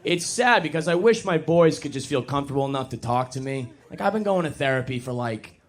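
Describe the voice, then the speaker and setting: A man's voice: expressive, a little fast, slight background noise. Young man doing a stand-up set. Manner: casual, self-deprecating, jumps into high mocking voices. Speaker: stand-up comedian. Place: comedy club stage before a live audience.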